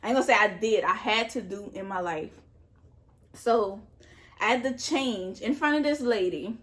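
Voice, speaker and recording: A woman telling a personal story in a casual vlog, animated and profane, talking straight to her viewers. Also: mid-range voice, normal speed. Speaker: vlogger.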